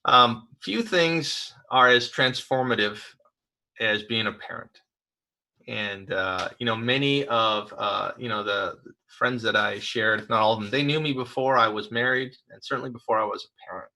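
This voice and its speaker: A man pastor giving a conversational sermon, telling personal stories in a relaxed, hesitant way with many fillers and restarts. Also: mid-range voice, unhurried, gravelly, low-quality recording.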